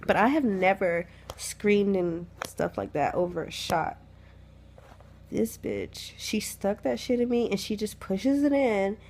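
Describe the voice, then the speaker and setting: A woman's voice: mid-range voice, unhurried, darkish tone, a little hiss or hum. A young woman, sick with the flu and lying in bed, telling a candid, chatty story into her phone, swearing freely. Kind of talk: casual storytime chat.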